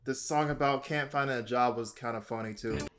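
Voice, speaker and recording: A man's voice: mid-range voice, brisk. A young man hosting a reaction video, chatting casually, laughing easily and swearing now and then.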